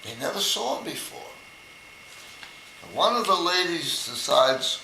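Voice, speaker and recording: An older man tells jokes at a birthday party at a slow, unhurried pace. His voice is gravelly but bright, and his pitch swings widely. The recording picks up a roomy echo. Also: very animated, a little hiss or hum. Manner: slow, deliberate storytelling with hesitations. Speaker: joke teller. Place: room at a family birthday party.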